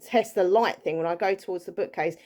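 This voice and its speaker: A woman recapping a ghost hunt in a casual vlog, chatty and excitable, with lots of fillers and restarts. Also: lowish voice, a little fast. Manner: earnest and excitable. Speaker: paranormal vlogger.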